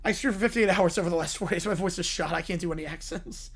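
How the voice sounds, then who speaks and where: Hoarse man answering chat. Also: sits high. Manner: quick offhand replies to chat. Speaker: streamer. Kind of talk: casual livestream Q&A.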